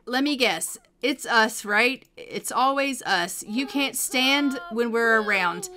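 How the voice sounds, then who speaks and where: A woman's voice: a little high, fairly even intonation, slow pace. A woman voicing a young boy who pesters and accuses his mother in a life-simulation game story. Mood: accusing. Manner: accusing, needling.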